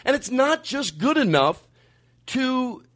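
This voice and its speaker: A man hosting a comedy podcast, ranting emphatically and with profanity, swinging from calm explaining to shouting. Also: very high-pitched, slow. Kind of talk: comedic rant.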